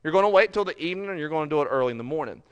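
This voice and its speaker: A man's voice: a little high, lively intonation, rapid-fire, clean tone. A male pastor preaching a sermon, earnest and building to emphatic, repeated phrases.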